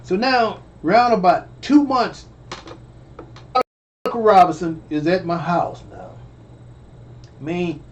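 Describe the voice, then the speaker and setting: A man's voice: high-pitched, a little mellow, highs cut off, slight background noise. Stammering man telling a story to viewers. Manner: stammering, repetitive, addresses audience directly. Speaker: storyteller vlogger. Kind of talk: casual personal storytelling.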